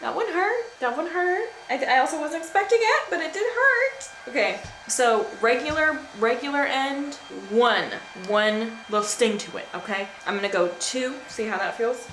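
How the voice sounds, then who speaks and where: A woman's voice: sits high, expressive, normal speed, hardly any pauses, a bit bright, slight background noise. Chatty woman vlogging in an echoey room. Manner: playful, giggly, dramatic about pain. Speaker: lifestyle vlogger. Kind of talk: casual chatty vlog. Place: at home.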